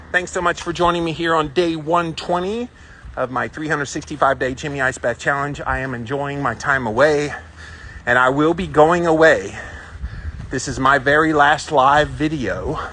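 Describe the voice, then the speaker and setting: A man's voice: mid-range voice, a bit bright, a little hiss or hum. A man hosting a casual livestream while walking outdoors, chatting and reading out viewer comments. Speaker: livestream host. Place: outdoors on a walk.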